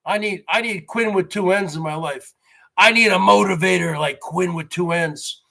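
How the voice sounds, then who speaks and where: A man's voice: high-pitched, normal speed, gravelly, sharp tone. A man in his forties hosting his own vlog, rambling straight to his viewers and calling them folks. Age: 40s. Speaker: show host.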